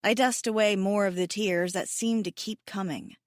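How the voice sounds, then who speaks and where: A woman reads a first-person romance audiobook with an emotive, self-mocking delivery that leans tearful. Her voice sits at a middling pitch. The recording is dry and close, with no room sound. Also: steady tone, moderate pace, no room sound. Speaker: audiobook narrator.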